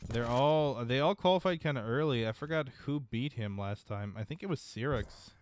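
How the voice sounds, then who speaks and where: A man casting a live online shooter match in a casual, rambling way, with sudden excited outbursts. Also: mid-range voice, normal speed, a little hiss or hum. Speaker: esports caster. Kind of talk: live game commentary. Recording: loud game gunfire under voice. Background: game gunfire and rockets.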